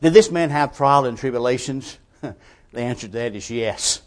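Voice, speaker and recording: A man's voice: mid-range voice, moderate pace. Emphatic man preaching a sermon. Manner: emphatic, rhetorical questions, swings between quiet and forceful.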